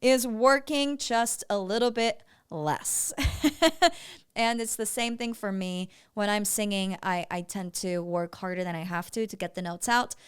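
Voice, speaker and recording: A woman's voice: mid-range voice, moderate pace, hardly any pauses, smooth. A woman vocal coach giving feedback on a student's singing, breaking into short sung syllables to demonstrate. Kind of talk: vocal evaluation commentary.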